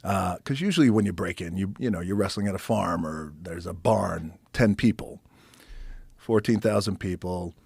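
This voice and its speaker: A deep, gravelly man spins a story in casual conversation, cursing freely and acting out other people's lines. His voice sounds husky and is recorded close, with no room sound. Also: moderate pace, darkish tone, dry recording. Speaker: podcast guest.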